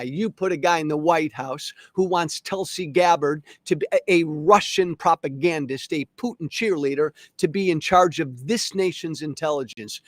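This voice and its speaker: A man's voice: fairly high pitch, unhurried, no room sound. A middle-aged man hosting his own podcast, delivering an angry, emphatic solo rant. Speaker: podcast host. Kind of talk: solo opinion monologue.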